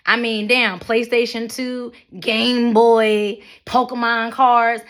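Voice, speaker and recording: A young adult woman talks straight to her audience in a bright, fairly high voice. Her rant is blunt and full of profanity, and she mocks the people in her story as she tells it. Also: slow, few pauses. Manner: blunt, profane, animated storytelling with mocking asides. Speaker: vlogger. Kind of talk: ranting monologue to camera.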